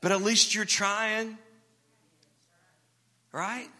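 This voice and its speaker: A man's voice: high-pitched, fairly even intonation, extremely slow, pushed and bright. A man preaching a sermon as pastor, talking conversationally and checking in with the congregation. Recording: long reverb of a large hall.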